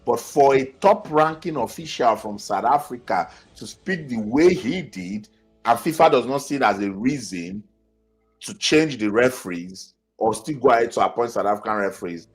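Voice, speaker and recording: A man's voice: medium pitch, lively intonation, normal speed, breathy edge, soft background music. A man with a Nigerian accent hosting a football channel, reading viewers' comments aloud and reacting in a chatty way. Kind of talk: live-stream commentary.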